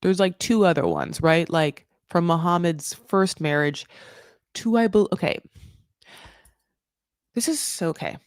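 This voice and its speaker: A woman's voice: a little slow, pauses often, dry recording, clean studio sound. Chatty, rambling woman host. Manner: chatty, rambling, tangents and self-corrections; animated with sudden high jumps in pitch. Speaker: recap show host. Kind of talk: casual chat recap.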